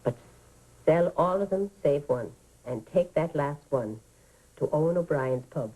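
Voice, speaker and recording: An old storyteller. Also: female voice, low voice, expressive, unhurried, mellow, slightly rough, full character voice, low-quality recording. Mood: warm reminiscing. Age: older. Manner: fond, vivid storytelling with sighs. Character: elderly Irish woman telling a childhood tale to children. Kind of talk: 1980s radio drama.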